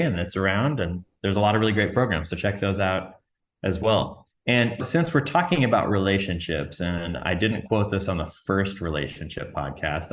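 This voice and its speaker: A man's voice: low voice, fairly bright tone. A man hosting a podcast in casual chat, joking and self-deprecating. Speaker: podcast host.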